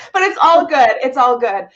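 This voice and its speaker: A woman's voice: sits high, big pitch swings, a little slow, fairly bright tone, highs cut off. A young woman co-host telling a dramatic story in casual chat, with gasps and laughs.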